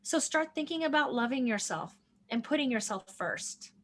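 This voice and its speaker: A woman in her forties with a high voice, speaking as a doctor guest in an interview. She talks earnestly and with deep feeling. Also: animated, normal speed, fairly bright tone. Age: 40s. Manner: emotional, earnest storytelling. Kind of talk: conversational interview.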